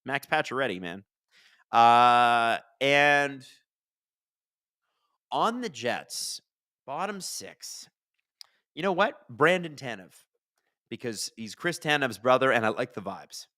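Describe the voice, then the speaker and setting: A man hosting a live hockey watch-along, chatting and reacting loudly to plays. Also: medium pitch, big pitch swings, slow, long pauses, no room sound, studio quality.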